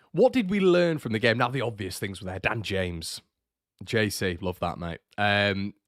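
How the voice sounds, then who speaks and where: Young male host, fan-channel morning show; energetic, chatty, slightly low voice, dry recording. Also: no room sound. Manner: chatty, energetic, repeats words for emphasis. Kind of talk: casual live morning show reading viewer comments.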